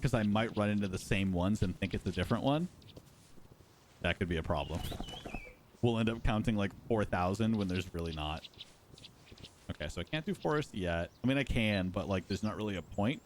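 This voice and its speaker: A man's voice: lowish voice, animated, fairly quick, a little hiss or hum. A man hosting a live stream, giving casual, playful commentary while playing and talking to his chat. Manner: chatty, playful, talks to chat.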